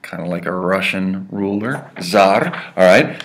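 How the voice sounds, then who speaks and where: A man with a fairly low voice explains grammar in a playful, jokey lesson. He keeps checking in with his students, ending point after point with "right?" or "okay?". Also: unhurried, fairly bright tone. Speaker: Spanish teacher. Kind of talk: recorded classroom lesson.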